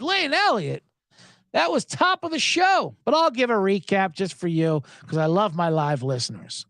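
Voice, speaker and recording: Recorded cleanly in a studio with no echo, this Los Angeles sports podcast host speaks at a measured pace. He rants casually and sarcastically on a live show, animatedly acting out others in high voices.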